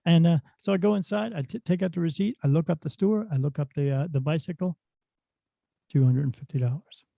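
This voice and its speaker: A middle-aged man, a spirit medium guest on a podcast, telling stories in a lively, casual way. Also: fairly high pitch, fairly quick, vocal fry, no echo. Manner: animated storyteller who acts out dialogue. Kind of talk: casual storytelling in a podcast interview. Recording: dull, dry lo-fi sound.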